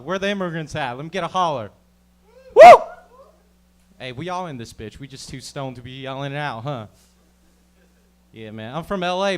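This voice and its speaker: A swaggering male comic talking slang and swearing at a club crowd. His voice is high, smooth and bright. It has a lively, bouncing pitch. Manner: swaggering, loud, profane, slangy. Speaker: stand-up comedian. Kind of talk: stand-up comedy set. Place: comedy club stage.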